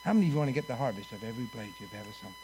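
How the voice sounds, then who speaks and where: A man preaching a sermon, leading the congregation in call-and-response and swinging between booming lines and hushed ones. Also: huge pitch swings, racing, a little hiss or hum.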